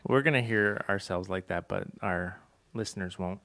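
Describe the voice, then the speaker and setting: Low, creaky man in casual chat. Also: moderate pace, fairly bright tone. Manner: laid-back, opinionated, laughs often. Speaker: podcast co-host.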